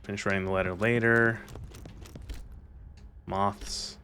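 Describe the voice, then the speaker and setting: A man's voice: on the low side, little pitch movement, slow, pushed and bright, slight background noise. A man streaming a video game and chatting casually, joking and poking fun at himself. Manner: joking, self-mocking, laughs a lot. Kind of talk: casual gaming stream chat.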